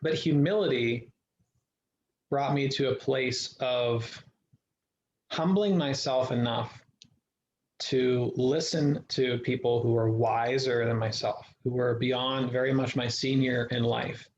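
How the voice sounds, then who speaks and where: A man's voice: medium pitch, steady tone, takes it slowly, darkish tone, a little hiss or hum. A man telling his life story as a guest in an interview, earnest and reflective, often restarting his sentences. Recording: echoey room, dull lo-fi sound.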